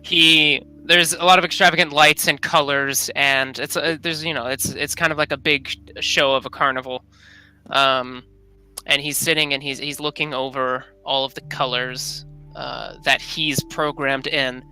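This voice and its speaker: Slow, halting tabletop player. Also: mid-range voice, steady tone, bright, forceful tone, clear, resonant tone, faint music behind, rough recording. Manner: halting, full of fillers. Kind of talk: narrating their character in a tabletop game.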